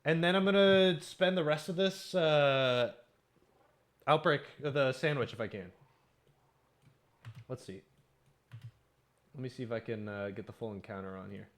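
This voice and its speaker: A man's voice: mid-range voice, unhurried, long pauses. A young man streaming a game, chatting and joking casually with his viewers, swearing freely. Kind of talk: casual live-stream chat.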